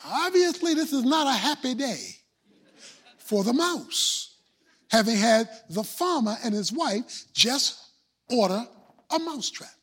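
A man preaching a sermon, telling a story and building to shouts. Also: very high-pitched, sing-song, takes it slowly, breathy edge. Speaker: pastor.

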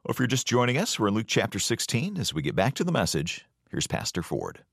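A man reading a scripted radio announcement in a smooth, promotional manner. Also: lowish voice, wildly swooping pitch, quick pace, fairly bright tone, no echo, clean studio sound. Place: radio studio.

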